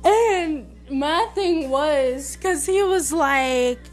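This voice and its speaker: High-pitched, sassy young woman. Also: extremely slow, faint music behind. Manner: animated, sassy, talks with lots of fillers. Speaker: podcaster. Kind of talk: casual storytelling monologue. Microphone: phone voice message.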